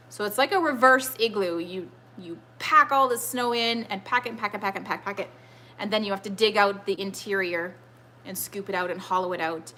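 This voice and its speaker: Woman, thirties, bright tone, chatty, rambling, live-stream trivia host, home setting. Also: medium pitch, a little hiss or hum. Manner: chatty, rambling, reads viewer comments aloud. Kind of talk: casual live-stream chat. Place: home with children nearby.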